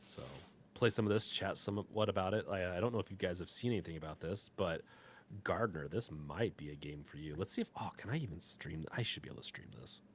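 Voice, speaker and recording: A man co-hosting a live gaming podcast, talking casually in a rambling, halting way full of fillers and restarts. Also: low voice, slight background noise. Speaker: podcast co-host.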